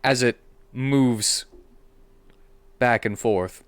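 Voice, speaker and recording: A man narrating as game master of a comedic tabletop game, playful and animated. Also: medium pitch, drawn-out words, clean tone, dry recording.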